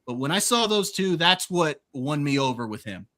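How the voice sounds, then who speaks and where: A man co-hosting a podcast in casual chat, animated and laughing often as he retells movie scenes. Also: a little high, moderate pace. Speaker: podcast co-host.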